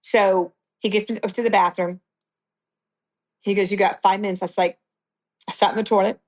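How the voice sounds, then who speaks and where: A woman's voice: mid-range voice, fairly even intonation, moderate pace, darkish tone. A middle-aged woman giving a blunt, conversational account of her past as an interview guest. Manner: blunt, conversational storytelling with restarts.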